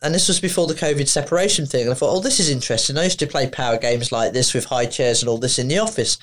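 A woman's voice: a bass voice, quick pace. A woman therapist speaking as a podcast guest, blunt and emphatic, repeating words for stress. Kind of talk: casual podcast conversation.

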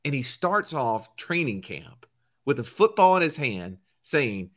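A man co-hosting a podcast, talking emphatically with dramatic pauses. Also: medium pitch, very animated. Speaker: podcast co-host. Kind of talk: podcast intro chat.

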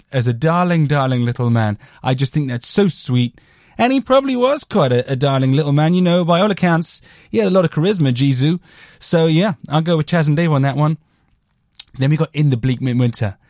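A man's voice: fairly high pitch, a little mellow, dry recording, studio quality. A man hosting a podcast, chatting casually about a record in a rambling, jokey way with crude asides. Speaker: podcast host reviewing a record. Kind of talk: casual chat.

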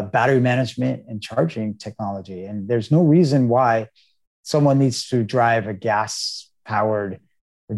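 Middle-aged man, from the US, founder guest, earnest, medium-pitched voice. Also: a little mellow. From United States. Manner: earnest, storytelling. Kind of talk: interview answers.

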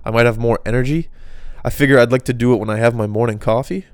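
A man's voice: medium pitch, fairly even intonation, fast talker, clear, resonant tone, dry recording, studio quality. Male podcast host, casual solo monologue, loose and rambling, mid-range voice, clean. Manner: rambling, off-the-cuff musing.

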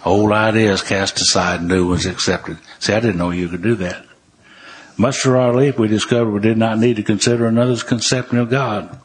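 A man's voice: lowish voice, steady tone, brisk, slightly rough. An older man, telling stories from his recovery in a folksy way, with dry humor, and reading passages from the book aloud. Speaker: recovery speaker.

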